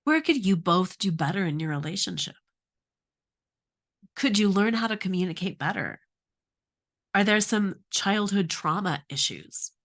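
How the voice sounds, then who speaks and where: A woman's voice: mid-range voice, lively intonation, a little slow, long pauses, fairly bright tone. A middle-aged woman coaching on relationships, asking earnest questions and telling her own story. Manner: earnest, asks many questions. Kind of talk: advice talk with personal story.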